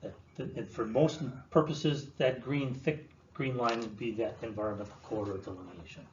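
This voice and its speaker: A man presenting to an audience, explaining in a relaxed way with many fillers and restarts. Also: mid-range voice, moderate pace. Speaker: land use planner presenting. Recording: roomy, distant, dull sound with faint room noise.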